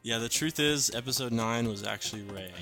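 A man's voice: medium pitch, brisk, sharp tone, faint music behind. A young man, a webcomic co-creator, in casual podcast banter, teasing his co-host with wry asides.

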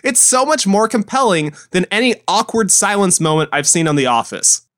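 Podcast co-host, male, high and lively voice, ranting in casual chat. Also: moderate pace. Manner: animated, acts out quotes in mock voices.

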